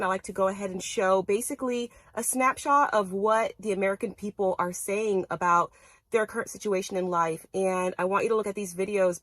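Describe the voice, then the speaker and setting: A woman's voice: mid-range voice, no echo. Earnest woman host, dry sound. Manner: earnest, explaining. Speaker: channel host. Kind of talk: commentary to camera.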